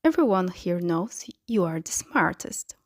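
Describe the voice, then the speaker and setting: A woman's voice: lowish voice, expressive, unhurried, no room sound, clean studio sound. A woman reading the lines of a cheerful, friendly young man who praises his friend. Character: cheerful warm young man, easy laugh.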